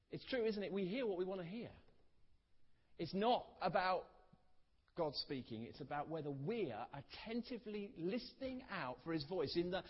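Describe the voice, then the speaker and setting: A man preaching a sermon, earnest and storytelling, letting key words trail off softly. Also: high voice. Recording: dull recording in a reverberant hall.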